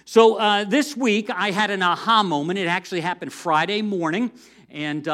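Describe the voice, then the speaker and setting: A middle-aged man from the US, a pastor preaching a sermon in a conversational, animated storytelling way with self-deprecating humor. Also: a little high.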